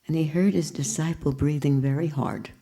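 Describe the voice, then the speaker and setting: A woman's voice: deep voice, steady tone, moderate pace, dark tone, husky. A woman teacher giving a spiritual talk with storytelling, earnest and reflective.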